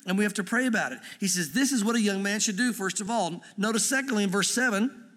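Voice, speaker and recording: A middle-aged man preaches in a high, light voice. His delivery is earnest and conversational, with touches of gentle humor. The sound rings with the long reverb of a large hall. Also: animated, fast talker. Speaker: pastor. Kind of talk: sermon.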